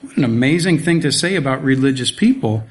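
A pastor delivers an expository sermon a little fast, animated and full of rhetorical questions and sarcastic asides. Now and then he sinks into a soft, low voice to drive a point home.

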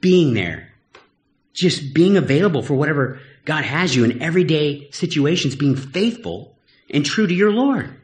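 A man's voice: a little high, sing-song, moderate pace, echoey room. A middle-aged man, a pastor, preaching a sermon in a candid, conversational way and telling personal stories.

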